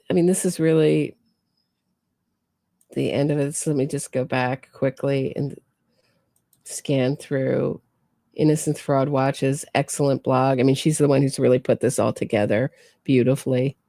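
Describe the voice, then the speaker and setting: A woman hosts a true crime show, delivering incredulous, sarcastic commentary and firing off pointed questions. Her voice is dark with a gravelly creak, recorded close and dry. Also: extremely low pitch, fairly even intonation, a little slow, long pauses, no room sound. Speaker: true crime podcast host.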